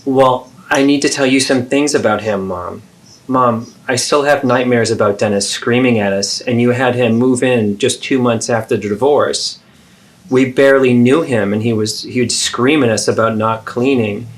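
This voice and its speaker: Earnest man in a therapy role-play. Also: medium pitch. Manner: earnest, pleading, measured. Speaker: therapist and video host.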